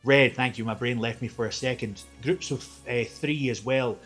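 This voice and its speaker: Man, game master, lively narration, quick laughs, faint music behind. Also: medium pitch, breathy edge. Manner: lively, laughs often, loose asides.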